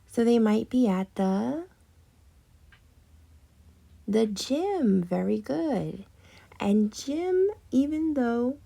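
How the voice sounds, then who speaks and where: A woman teaching an early reading lesson to young children, patient and slow, drawing out words as she models them. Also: fairly high pitch, gravelly, dark tone.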